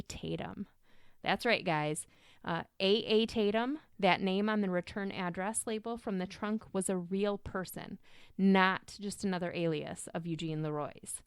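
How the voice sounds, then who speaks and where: A woman's voice: mid-range voice, clean tone, no room sound, clean studio sound. A young adult woman hosting a podcast, telling a true crime story in a casual, chatty way, swearing and wandering off on tangents. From Michigan. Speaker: podcast host.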